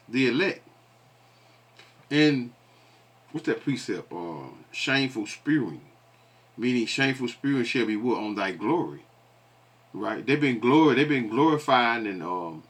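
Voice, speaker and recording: A man giving religious commentary, asking his listeners questions and filling pauses with many ums. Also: on the low side. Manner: call-and-response questions, many fillers. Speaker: preacher.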